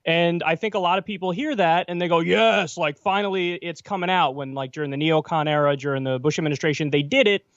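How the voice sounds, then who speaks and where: A man's voice: fairly high pitch, quick pace, hardly any pauses, a bit bright, no room sound. Blunt man on a dull remote line. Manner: blunt, argumentative. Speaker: guest commentator. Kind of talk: political commentary.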